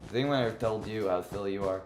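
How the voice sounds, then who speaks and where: Playful low-voiced male streamer. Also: fast, slight background noise. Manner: playful, teasing, chatting with viewers. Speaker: livestreamer. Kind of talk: casual gaming livestream chat. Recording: roomy echo with faint music.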